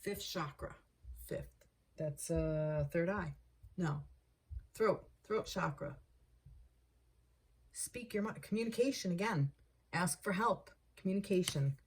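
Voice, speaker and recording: A woman giving a casual tarot card reading, thinking aloud, repeating herself and getting excited over the cards. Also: on the low side, takes it slowly, pauses often, slightly rough. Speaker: tarot reader.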